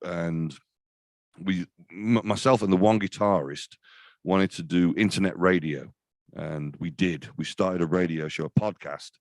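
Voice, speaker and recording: A man's voice: low-pitched, unhurried, no echo. A man in his fifties, a death metal vocalist chatting as an interview guest, rambling and self-deprecating with many restarts. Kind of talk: casual interview chat.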